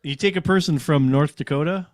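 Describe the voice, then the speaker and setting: A man's voice: a little high, a little fast, dry recording. Chatty man on a dry mic. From Canada. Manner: chatty, rambling, self-correcting. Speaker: co-host. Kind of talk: casual livestream chat.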